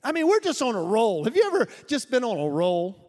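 A man with a strikingly high voice preaches in a church hall, his words trailing into long reverb. He tells missionary stories with animated energy, laughing often and mimicking sounds. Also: brisk. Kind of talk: storytelling sermon.

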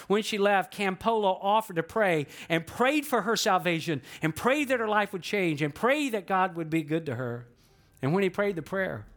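A man's voice: fairly high pitch, a bit bright. A man preaching a sermon as pastor, earnest, with many rhetorical questions to the congregation. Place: church auditorium in a theater.

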